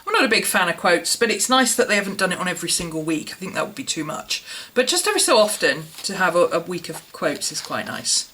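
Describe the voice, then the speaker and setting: English woman, vlogger, chatty musing review tone, very lively pitch. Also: quick pace, hardly any pauses, slight background noise. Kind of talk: casual product review chat.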